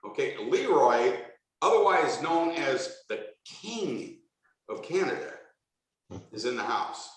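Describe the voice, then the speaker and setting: A man's voice: on the high side, sing-song, takes it slowly, heavy reverb, distant mic, poor audio. A man hosting a video call meeting, greeting each participant by name in an upbeat, jokey way and repeating his welcomes.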